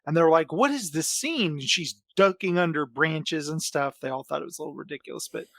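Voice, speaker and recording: A man chatting as a podcast guest, relaxed and easygoing as he recounts scenes. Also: on the high side, fast, creaky, no room sound, studio quality. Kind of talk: casual chat.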